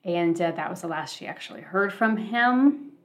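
A woman's voice: on the low side, normal speed. A woman hosting a true-crime podcast, recapping events casually with frequent fillers. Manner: relaxed, filler-heavy retelling. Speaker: podcast host.

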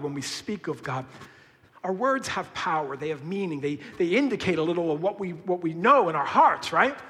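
A bright-toned, high-voiced male pastor preaches a sermon in a church, animated and jokey, then dropping low and hushed. His voice rings out with a long echo through the hall.

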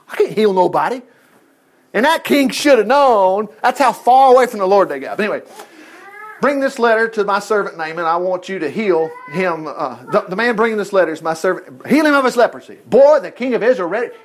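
Animated folksy preacher man. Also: high-pitched. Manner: folksy, animated, asides and rhetorical questions. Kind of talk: informal Bible storytelling sermon.

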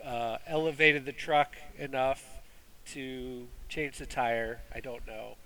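A man's voice: medium pitch, fairly even intonation, slow pace, bright, forceful tone, rough recording. A man hosting a casual movie review chat, rambling with fillers and restarts. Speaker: movie review podcast host.

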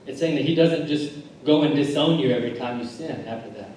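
A man's voice: medium pitch, brisk, a little mellow, slight background noise. A man, a pastor, preaching a sermon in earnest, repeating phrases and restarting his sentences. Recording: echoey church hall recording from far off.

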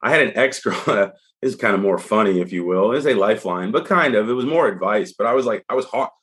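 Husky-voiced man telling stories. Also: lowish voice, quick pace. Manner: animated, acts out quoted speech. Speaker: podcast guest, consultant. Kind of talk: casual conversational storytelling.

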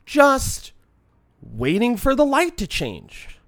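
A person telling a personal anecdote in a casual, profane monologue, swinging between quiet muttering and loud exasperated outbursts. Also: mid-range voice, sing-song, moderate pace, no echo, studio quality. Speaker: storyteller.

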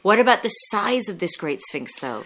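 Bright-voiced woman hosting a chat. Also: mid-range voice, moderate pace. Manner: lively, inquisitive, explanatory. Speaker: podcast host. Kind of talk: casual interview and explanation.

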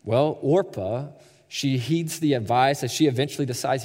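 A man's voice: mid-range voice, moderate pace, darkish tone. A man in his thirties preaching a sermon as a pastor, conversational and storytelling, with stammering repeats. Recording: echoey hall reverb.

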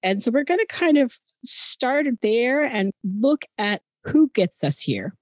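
A woman's voice: fairly high pitch, very animated, takes it slowly, no echo. A woman with an Australian accent, co-hosting a true-crime podcast and explaining the story in an earnest, conversational way. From Adelaide, South Australia. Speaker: podcast co-host.

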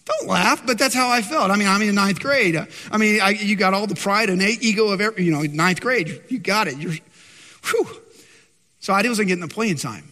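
A male pastor preaching a sermon, rising loud on his questions and dropping soft and low for his stories. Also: a little fast, big-room sound. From Texas, USA.

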